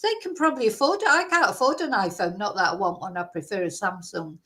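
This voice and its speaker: A woman's voice: medium pitch, lively intonation, fast, few pauses, sharp tone. A middle-aged woman from England, casually reacting to a video in rambling, exasperated commentary full of fillers.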